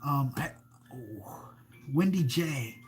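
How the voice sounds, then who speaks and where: A man with a medium-pitched voice and lively intonation speaks slowly while hosting a laid-back creepy-story live stream. He wanders in his talk, stops mid-sentence, and reads out viewer comments over faint background music.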